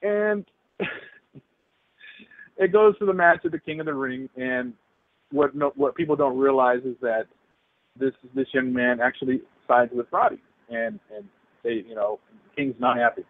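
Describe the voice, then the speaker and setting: A man's voice: mid-range voice, unhurried, long pauses, no echo, narrow, tinny audio. A man hosting a radio show, introducing a guest in a chatty way. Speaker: radio host.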